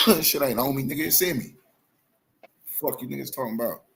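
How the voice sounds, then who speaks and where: A man's voice: medium pitch, gravelly, pushed and bright, a little hiss or hum. A man hosting a live online show, ranting in heated casual commentary, profane and repetitive.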